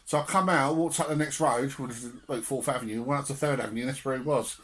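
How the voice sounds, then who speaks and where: A man's voice: mid-range voice, fast talker, fairly bright tone, a little hiss or hum. A young man on a podcast telling family stories with laughter and swearing in casual chat. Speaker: podcast co-host.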